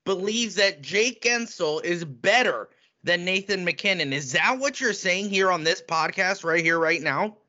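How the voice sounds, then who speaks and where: Lively, animated man co-hosting. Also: sits high, a little slow, highs cut off. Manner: animated, teasing banter. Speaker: podcast co-host. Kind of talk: casual sports chat.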